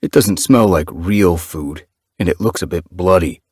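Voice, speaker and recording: A man's voice: deep voice, a little slow, darkish tone, breathy edge, dry recording, studio quality. A man voicing a cautious, squeamish male pet cat in an audiobook, asking hesitant questions. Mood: wary.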